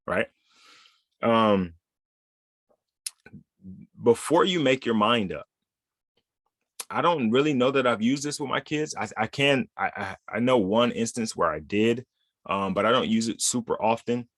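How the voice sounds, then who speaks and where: Low-voiced man, casual podcast chat. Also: moderate pace, a bit bright, no room sound, clean studio sound. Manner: conversational, lots of "right?" tag questions. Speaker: podcast host.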